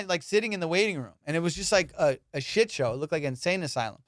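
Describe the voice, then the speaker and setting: A man, a comedian and podcast host, telling a story in casual chat, animated and swearing as he acts out what people said. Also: fairly high pitch, fast talker, hardly any pauses, no echo, clean studio sound.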